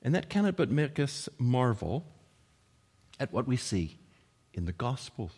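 A man preaching a sermon, earnest, raising his voice for quoted lines and dropping to a hush at the ends of points. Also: medium pitch, very animated, unhurried, slightly rough. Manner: earnest, rising to emphatic quotes and dropping to hushed endings. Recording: long hall reverb.

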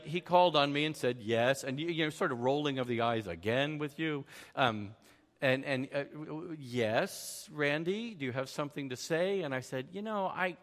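A man telling a personal story in a sermon style, self-deprecating and animated, acting out the voices of the people he quotes. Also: a little high, normal speed. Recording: long hall reverb.

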